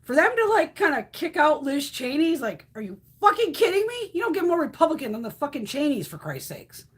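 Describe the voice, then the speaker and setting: A woman's voice: sits high, big pitch swings, brisk. A woman hosting a casual live stream, ranting bluntly and profanely, reacting to chat comments as she goes. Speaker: beauty livestream host.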